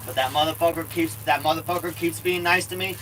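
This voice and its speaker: Man, casual live-stream chat, somewhat high voice, rambling, cursing, repeats himself, RV interior, noisy hiss behind. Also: steady tone, fast, fairly bright tone. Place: inside an RV.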